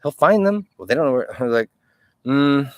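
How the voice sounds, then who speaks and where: A man with a middle-pitched voice talks into his own video diary. He rambles and sounds agitated, swearing freely and voicing his own thoughts as quotes. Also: lively intonation, normal speed, no echo. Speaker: video journal keeper.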